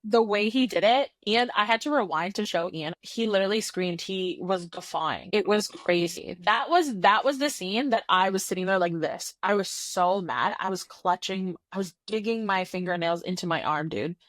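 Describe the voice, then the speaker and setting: Woman, podcast co-host, casual chat, animated, exasperated, dry sound. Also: medium pitch, normal speed, hardly any pauses, no room sound.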